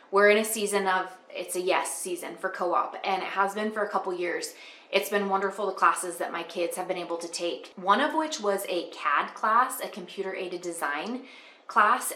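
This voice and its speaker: A middle-aged homeschool mom chats earnestly to her viewers, her voice bright and clear. She speaks casually, with fillers and warm faith in her words. The room around her sounds echoey. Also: medium pitch. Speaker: homeschool mom and channel host. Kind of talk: casual talk to camera.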